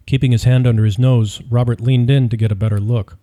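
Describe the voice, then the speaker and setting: A man reading a story aloud as narrator, in a steady, measured delivery. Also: medium pitch. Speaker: audiobook narrator. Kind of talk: scripted narration.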